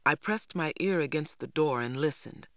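A narrator reading a novel aloud in a steady storytelling manner. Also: mid-range voice, normal speed, no room sound, studio quality. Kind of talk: audiobook reading.

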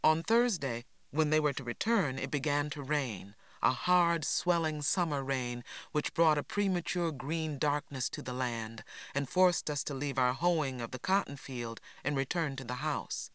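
A man's voice: fairly high pitch, expressive, a little slow, fairly bright tone, clear, resonant tone, dry recording. Man narrating an audiobook, dry sound. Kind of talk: scripted narration.

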